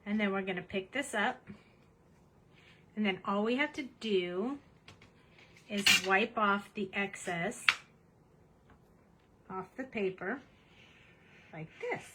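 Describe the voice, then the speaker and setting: A woman's voice: mid-range voice, slow, pauses often, noisy background. A woman hosting a casual craft demonstration at her home desk, chatty and cheerful as she narrates each step. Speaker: craft tutorial host.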